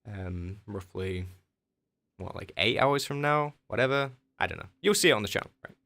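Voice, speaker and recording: A man's voice: on the low side, lively intonation, normal speed, vocal fry, pushed and bright. A man with an English accent, a game streamer in casual chat with his viewers, joking and answering their questions. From England.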